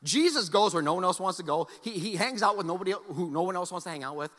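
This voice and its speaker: A man's voice: sits high, lively intonation, fast, fairly bright tone, in a large hall. A man preaching a sermon to a congregation. He talks in a conversational, joking way and often repeats words as he restarts his sentences. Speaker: pastor.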